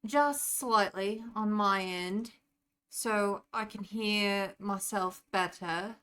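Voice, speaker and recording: A woman's voice: mid-range voice, slow, a bit bright, clear, resonant tone. A young woman streaming a game, chatting casually and answering her viewers by name as she reads the chat.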